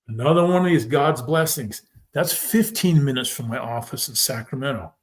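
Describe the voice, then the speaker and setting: A man telling his own story as a podcast guest, emphatic and animated, acting out what others said. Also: medium pitch, normal speed. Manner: animated, retells scenes by quoting people; emphatic, fervent. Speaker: podcast guest, former football player. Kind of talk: personal storytelling in a conversation.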